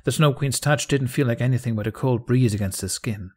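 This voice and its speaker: A man narrating a fan fiction audiobook in a calm, even storytelling manner. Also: medium pitch, brisk, husky.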